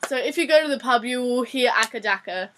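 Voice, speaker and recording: A woman's voice: fairly high pitch, a little fast, pushed and bright. A young Australian woman with an Australian accent, chatting and giggling through a casual vlog lesson with frequent restarts. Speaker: vlogger teaching slang.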